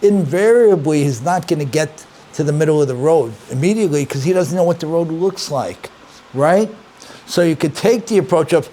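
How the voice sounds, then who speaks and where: An older man, a rabbi, giving a conversational Torah lesson, emphatic and animated, repeating key words and asking his listeners questions. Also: fairly high pitch, normal speed. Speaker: rabbi and teacher.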